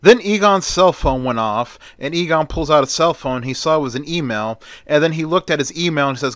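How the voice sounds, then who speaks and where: A man's voice: fairly high pitch, lively intonation, a little fast, few pauses, no room sound. A man retelling a film story in a plain, conversational way.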